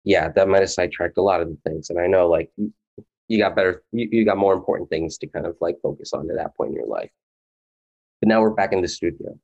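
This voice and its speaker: A man's voice: low-pitched, fast, a little mellow, highs cut off. A man co-hosting a casual podcast, talking earnestly and rambling with lots of fillers. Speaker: podcast co-host. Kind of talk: casual chat.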